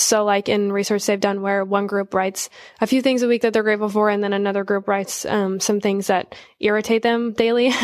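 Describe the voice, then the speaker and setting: A woman's voice: medium pitch, dry recording, studio quality. A young woman on a podcast, sharing research in a casual, hesitant way with lots of fillers. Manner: hesitant, many fillers, relaxed. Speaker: podcast guest. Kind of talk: casual informative talk.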